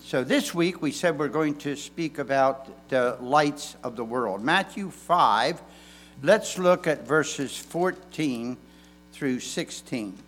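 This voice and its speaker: A man's voice: fairly high pitch, animated, takes it slowly, fairly bright tone. A man pastor preaching a sermon in a folksy way, with emphatic stresses and frequent restarts.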